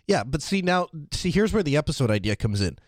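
A man's voice: fairly high pitch, very animated, a little fast, no echo, clean studio sound. A man co-hosting a casual podcast chat, talking eagerly about gear and tools. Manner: enthusiastic, tech and gear talk. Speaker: podcast co-host.

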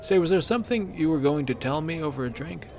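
A boisterous, jovial old warrior, voiced by a male narrator. He talks loud and hearty, a little higher than the narrator's own voice. A storybook figure full of cheer. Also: expressive, fast talker, a little hiss or hum.

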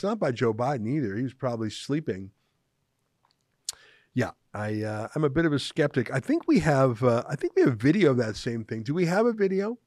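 A man's voice: medium pitch, dry recording, clean studio sound. Sarcastic man commentating. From Canada. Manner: sarcastic, mocking. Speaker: political commentator. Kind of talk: opinion commentary.

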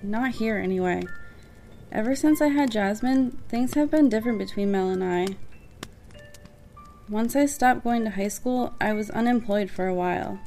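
A woman's voice: mid-range voice, moderate pace, warm tone, faint music behind, natural voice. An actress playing a guarded young single mother who speaks with resentment about her sister. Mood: bitter. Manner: defensive, resentful storytelling.

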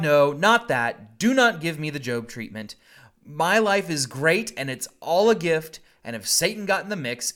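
A man doing a frantic man begging God. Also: a bit bright. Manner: panicked, pleading, high-pitched cries.

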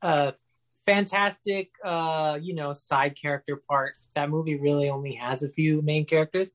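A man chatting casually as a podcast guest, animated and profane as he riffs on movies. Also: a little high, moderate pace.

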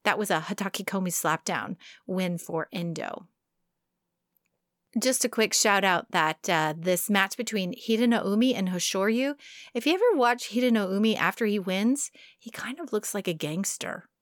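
A woman's voice: mid-range voice, lively intonation, normal speed, dry recording, clean studio sound. A woman casually recapping sumo matches with a chatty, enthusiastic manner. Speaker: sumo commentator.

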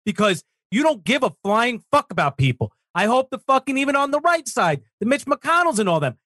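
A man's voice: high voice, fairly bright tone, dry recording, studio quality. A man on a political talk show, ranting heatedly and swearing emphatically.

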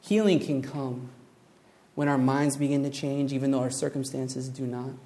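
A man preaching a sermon, telling a story with lively acted-out voices, building to emphatic points. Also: medium pitch, normal speed. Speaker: pastor.

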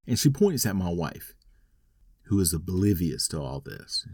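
A man's voice: low voice, very animated, unhurried, a little mellow, slightly rough, no echo, studio quality. A man telling a rambling, wry personal story in a casual monologue. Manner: rambling, wry, self-deprecating.

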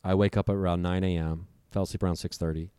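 A man's voice: low-pitched, flat delivery, fast, mellow, smooth, no echo. A young man telling a frightening story in casual conversation, vivid and profane, acting out what people said. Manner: vivid, profane, acts out voices. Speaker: storyteller guest.

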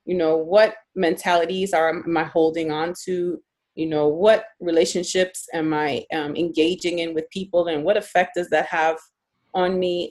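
A woman with a fairly low voice talks in a chatty, casual way. She laughs easily and uses plenty of fillers. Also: darkish tone. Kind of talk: casual conversation.

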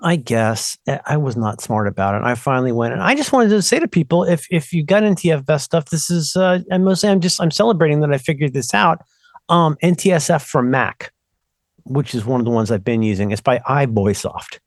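On a podcast, this co-host speaks briskly in a slightly high voice, drifting through relaxed tech talk. Animated and rambling, he often cuts himself off mid-thought. The sound is clean studio audio with no room tone.

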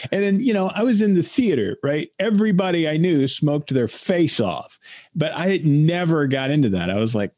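A man co-hosting a casual chat, rambling and halting, laughing often and mimicking voices in his stories. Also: on the high side, expressive, darkish tone, no echo. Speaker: podcast co-host.

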